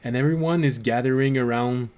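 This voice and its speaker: A man's voice: medium pitch, a little mellow. Man narrating as game master. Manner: unhurried narration with fillers and restarts.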